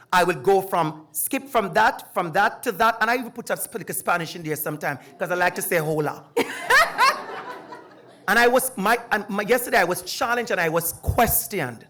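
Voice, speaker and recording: A middle-aged man with a Jamaican accent speaks on a discussion panel, animated and emphatic. He is a lecturer telling his own story with feeling. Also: high voice. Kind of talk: personal testimony at a panel discussion.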